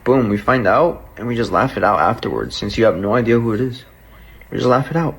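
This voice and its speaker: A man's voice: medium pitch, fairly quick, gravelly, husky, low-quality recording. A man telling a personal story in a casual, profane way, acting out what was said to him. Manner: profane, animated, acts out quoted dialogue. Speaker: storyteller recounting a breakup.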